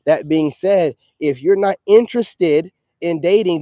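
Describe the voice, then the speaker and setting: A man's voice: sits high, animated, unhurried, hardly any pauses, dark tone, no room sound. A man delivering a blunt, confrontational, preachy rant to his viewers, full of slang and "you know what I'm saying.". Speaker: self-styled spiritual coach. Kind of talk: ranting monologue to viewers.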